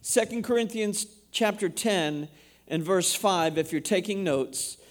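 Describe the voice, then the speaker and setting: A high-pitched man preaches in a church. He reads scripture aloud and turns to ask the congregation questions as he goes. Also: measured pace. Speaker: pastor. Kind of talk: sermon.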